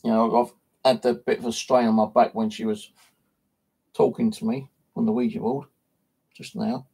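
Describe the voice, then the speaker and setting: A British man chatting casually on a live stream from his flat, blunt and sweary, scolding as he talks. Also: mid-range voice, moderate pace, creaky, slightly rough. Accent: British English. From United Kingdom. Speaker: paranormal vlogger. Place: home flat.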